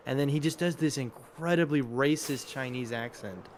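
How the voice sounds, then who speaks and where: A man hosting a live stream, talking loosely while he plays. He rambles, laughs often and fills his sentences with likes and ums, at a mid pitch. A faint hiss sits behind him. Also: moderate pace, few pauses. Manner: rambling, laughing, lots of fillers. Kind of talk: casual chat while gaming.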